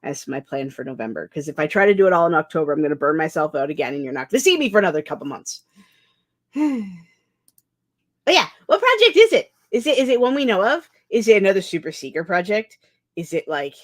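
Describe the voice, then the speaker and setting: Chatty woman with a lively voice. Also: low-pitched, fairly quick. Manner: chatty, restarts sentences, reads chat aloud. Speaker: streamer hosting a writing session. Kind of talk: casual livestream chat.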